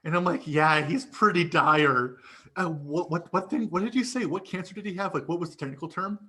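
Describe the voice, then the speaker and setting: A man co-hosting a podcast, telling a story in casual chat, animated and profane, laughing often and acting out what people said. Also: high-pitched, fast. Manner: animated, laughing storyteller who swears and acts out quotes. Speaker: podcast co-host.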